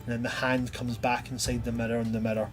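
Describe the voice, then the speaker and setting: A man runs a tabletop game with a chatty, loose narration full of fillers. His voice sits at an ordinary middle pitch. Faint music plays behind him. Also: flat delivery, fast talker. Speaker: game master.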